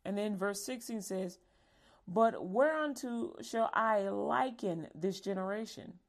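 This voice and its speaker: A woman teaching a Bible lesson to young people, lively and acting out calls and warnings. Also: mid-range voice, slow pace.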